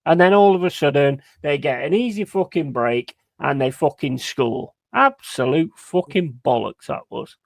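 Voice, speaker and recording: A man's voice: a little high, moderate pace, creaky, hardly any pauses, no room sound. A man doing live watch-along commentary of a football match, ranting, swearing heavily and chatting to his viewers. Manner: heavy swearing, ranting and frustrated; banters with chat and gives shout-outs.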